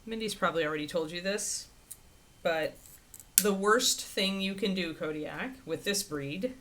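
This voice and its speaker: Chatty, animated woman livestream host. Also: unhurried. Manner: chatty and rambling, with frequent laughs; animated, swinging pitch into playful quoted voices. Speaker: livestream host answering viewer questions. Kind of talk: casual chat.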